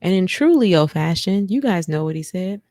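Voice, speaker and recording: A woman hosting a podcast, recapping a show in a chatty, animated way. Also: fairly low pitch, moderate pace, no room sound, studio quality. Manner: chatty, animated, breaks into sung bits and mock quotes. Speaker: podcast host. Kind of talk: casual recap chat.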